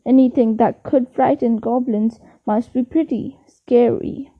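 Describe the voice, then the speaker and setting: A woman reading a children's storybook aloud, slow and careful. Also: on the high side, steady tone, no room sound. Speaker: audiobook reader. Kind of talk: storybook narration. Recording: dull dry lo-fi recording.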